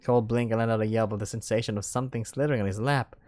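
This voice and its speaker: A man's voice: lowish voice, steady tone, racing, a little mellow, dry recording, faint music behind. A man reading a visual novel aloud, breaking off for jokey asides and laughter. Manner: laughs often and breaks off to crack jokes. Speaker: narrator and commentator.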